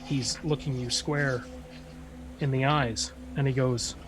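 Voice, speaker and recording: A man narrating as game master of a tabletop game, in a halting way with many pauses and restarts. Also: medium pitch, fairly even intonation, faint music behind, rough recording.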